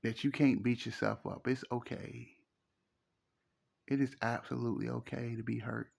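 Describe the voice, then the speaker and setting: Gravelly man giving earnest advice. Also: mid-range voice, fairly even intonation, moderate pace, a little mellow. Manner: preachy, emphatic, repeats phrases. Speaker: relationship commentator. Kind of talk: casual advice monologue.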